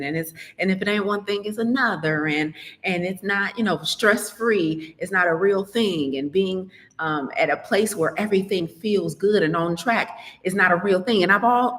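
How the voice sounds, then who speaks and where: A woman's voice: mid-range voice, fairly bright tone, in a large hall. A woman health and business coach hosting a live podcast keynote, talking chattily to her listeners. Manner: chatty, conversational, addresses listeners as y'all.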